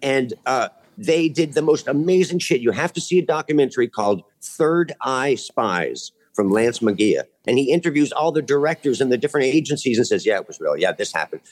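A man's voice: mid-range voice, lively intonation, normal speed, few pauses. A man speaking as a podcast guest in casual chat, earnest and rambling, with frequent restarts, in a studio.

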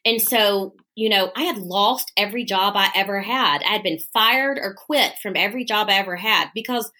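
A woman's voice: medium pitch, moderate pace. A woman, a podcast guest telling her business story and acting out quoted voices. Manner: animated, acts out quoted dialogue. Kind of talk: casual storytelling interview.

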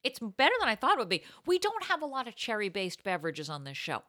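A woman's voice: mid-range voice, huge pitch swings, fast, sharp tone. A woman hosting a podcast, chatting casually in an enthusiastic, giggly way. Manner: enthusiastic, giggly, reacts with gasps. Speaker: podcast host. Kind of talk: casual chat.

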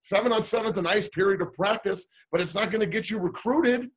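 Fired up coach guy, husky, kinda high voice, cussing and ranting. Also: brisk. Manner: fired-up, blunt, swears freely. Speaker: high school football coach. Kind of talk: heated radio call-in rant.

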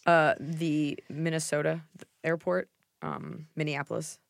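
A woman's voice: low-pitched, flat delivery, unhurried, gravelly, dry recording. Blunt joking woman in her thirties. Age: 30s. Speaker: podcast host giving advice. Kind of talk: casual advice chat.

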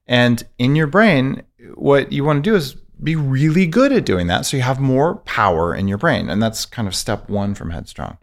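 A man talking as a podcast guest, explaining his ideas in a fast, emphatic way. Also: medium pitch, animated. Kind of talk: interview, conversational.

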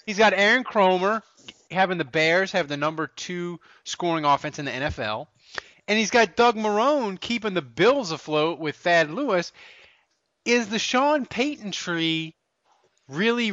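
A man hosts a loose, joking podcast, tripping over his words and laughing easily. His bright, lively voice bounces around in pitch. The audio is dry and a little dull. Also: no room sound. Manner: rambling, self-correcting, quick to laugh. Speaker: podcast host. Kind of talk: casual podcast banter.

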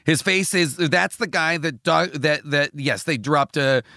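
A man's voice: on the high side, measured pace, creaky, sharp tone, no echo, clean studio sound. A man, a comedian guest on a podcast, eagerly explaining in casual chat and often restarting his phrases.

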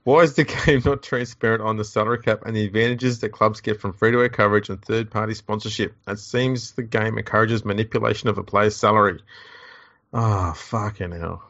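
A man's voice: fairly low pitch, steady tone, quick pace, few pauses, a bit bright, dry recording. A man with an Australian accent co-hosting a rugby league podcast, reading listener questions with dry sarcasm. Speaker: podcast co-host. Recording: dull lo-fi audio.

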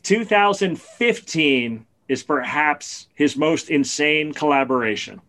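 A man in casual podcast chat, telling a story in an animated, excited way. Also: on the high side, takes it slowly.

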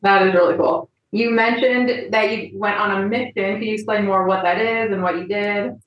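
A woman's voice: medium pitch, fairly even intonation, moderate pace, reverberant, highs cut off. A woman hosting a podcast, asking friendly questions and trailing off now and then. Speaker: podcast host. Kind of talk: interview questions, casual chat.

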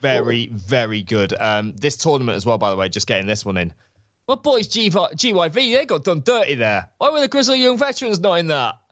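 A man's voice: medium pitch, sing-song, fairly quick, a bit bright, highs cut off. A man as a guest on a podcast, chatting about wrestling with keen enthusiasm. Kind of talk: casual wrestling chat.

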